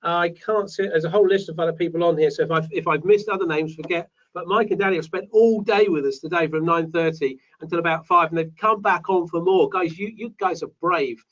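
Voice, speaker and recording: A man's voice: fairly high pitch, fairly quick, few pauses, a bit bright. A British man hosting a live online property show, chatting and reading out viewers' names. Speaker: host. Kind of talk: live webinar chat. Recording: distant dull mic.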